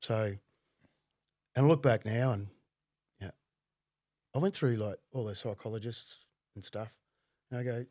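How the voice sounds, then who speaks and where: A middle-aged man, a podcast guest telling his story bluntly, with plenty of swearing and halting fillers. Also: fairly low pitch, warm tone, dry recording, studio quality. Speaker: podcast guest, former undercover cop. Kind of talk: casual conversational storytelling.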